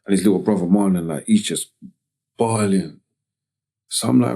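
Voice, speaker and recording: A man from Tottenham with a North London accent, telling a personal story as a podcast guest in slangy, halting speech full of "you get me" tags. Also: lowish voice, vocal fry, mellow. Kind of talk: casual storytelling interview.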